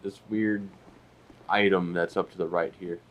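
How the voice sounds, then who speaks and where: A man co-hosting casual gaming commentary, retelling stories in an animated way and acting out the voices. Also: low voice, unhurried. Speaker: co-host.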